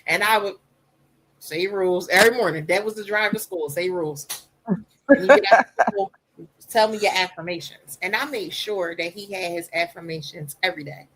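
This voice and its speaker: A woman with a soft voice, speaking candidly on a podcast and telling her stories in an animated way that slips into quoted voices. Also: on the low side, normal speed, a little hiss or hum.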